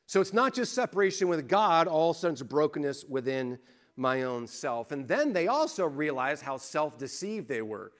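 A man's voice: fairly high pitch, animated, moderate pace. A male pastor giving a conversational sermon, telling stories and building to emphatic points. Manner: conversational preaching, rises into emphatic storytelling.

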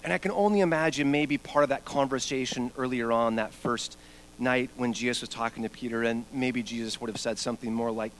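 A man preaching a sermon, telling a story and moving between quiet, low passages and loud, high-pitched peaks. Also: fairly quick, slight background noise, rough recording. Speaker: pastor.

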